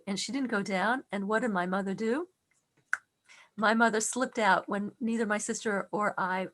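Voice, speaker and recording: Middle-aged woman teacher, higher register, earnest and expressive, tells a personal story with restarts. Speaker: class teacher.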